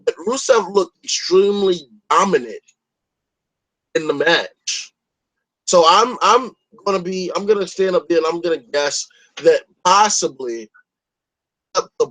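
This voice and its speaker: A man's voice: on the high side, fairly bright tone, low-quality recording. A man hosting a podcast in a casual chat, opinionated and rambling, swearing freely. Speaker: podcast host.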